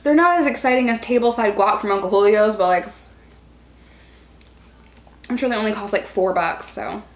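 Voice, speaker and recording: A woman's voice: mid-range voice, moderate pace, roomy sound. A young woman chatting casually and self-mockingly at a table at home while eating for her vlog. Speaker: vlogger.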